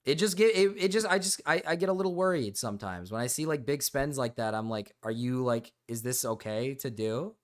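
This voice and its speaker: Young guy streamer rambling and cussing, restarts his sentences a lot, medium pitched voice. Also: lively intonation, fairly quick, few pauses. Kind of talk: casual stream chat.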